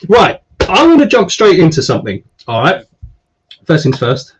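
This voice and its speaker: A man hosting a casual live stream, chatting and giving viewers shout-outs. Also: high-pitched, wildly swooping pitch, moderate pace, breathy edge. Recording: slightly dull stream audio.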